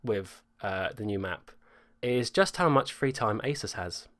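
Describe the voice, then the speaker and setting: A man's voice: lowish voice, animated, a little slow, fairly bright tone. Chatty young man hosting a podcast. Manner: chatty, self-mocking. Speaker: podcast host. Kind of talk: casual group chat.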